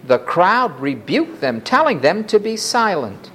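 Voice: mid-range voice, very animated, a little slow, hardly any pauses, a bit bright, husky. A preacher giving a sermon, reading scripture passages aloud and lifting the voice for quoted cries.

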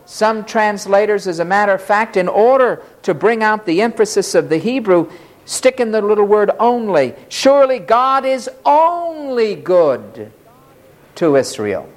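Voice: mid-range voice, expressive, normal speed. A preacher giving a sermon, emphatic and dramatic in delivery.

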